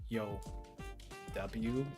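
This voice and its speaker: A woman's voice: very deep voice, steady tone, very slow, warm tone. A woman from the Philippines hosting a stream, chatting casually and laughing as she reads and plays a text adventure, repeating phrases, with faint music behind. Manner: laughs a lot, repeats phrases while reading and typing. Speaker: streamer host. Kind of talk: casual chat while playing a text adventure.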